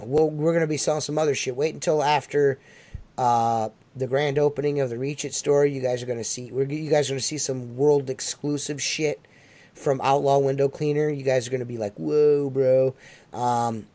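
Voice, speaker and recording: A man's voice: medium pitch, dark tone. A man hosting a podcast in casual chat, talking loosely and emphatically with plenty of swearing. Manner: profane, emphatic, loose talker. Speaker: podcast host.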